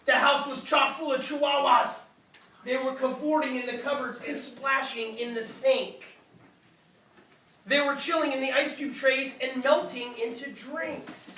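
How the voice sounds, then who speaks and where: A woman reading a picture book aloud to children, unhurried, with chatty asides to her listeners. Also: sits high, fairly bright tone. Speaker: storybook reader. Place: room with live listeners. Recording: echoey room, reader far from mic, faint hiss.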